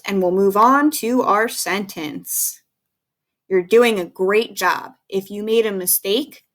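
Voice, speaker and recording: A woman teacher leads a recorded phonics lesson for small children, taking her time over every word. She is patient and encouraging and spells words out one letter at a time. Her voice sits at an ordinary middle pitch. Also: fairly bright tone.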